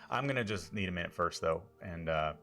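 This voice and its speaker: Very deep laid-back man playing a game. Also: animated, a little fast, fairly bright tone. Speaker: player. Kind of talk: casual in-character play. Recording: light background music.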